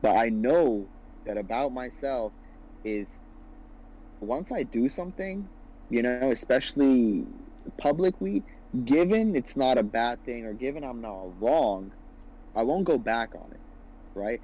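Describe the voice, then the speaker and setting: A man's voice: medium pitch, lively intonation, unhurried, pauses often, dark tone, breathy edge, rough recording. A man in his twenties talking as a guest about his business, earnest and rambling, with lots of "you know" and "right". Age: 20s. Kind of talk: casual podcast conversation.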